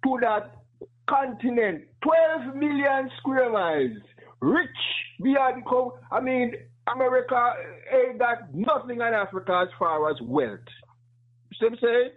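A man with a high, husky voice calls in over the phone and makes his point with passion and emphasis. His voice comes through a tinny phone line. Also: animated, measured pace. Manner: impassioned, emphatic, conversational. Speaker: caller. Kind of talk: call-in question to a talk show.

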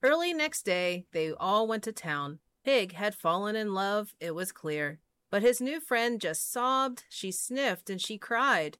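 A woman reading children's picture books aloud in an expressive, sing-song way. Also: medium pitch, slow, few pauses, clear, resonant tone, no echo. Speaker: storyteller.

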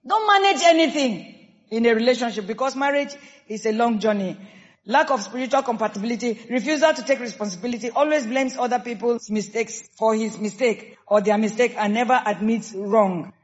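A woman pastor with a Nigerian accent preaching a sermon, emphatic and lively, acting out quoted people. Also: a little high, brisk. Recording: dull sound with long hall reverb.

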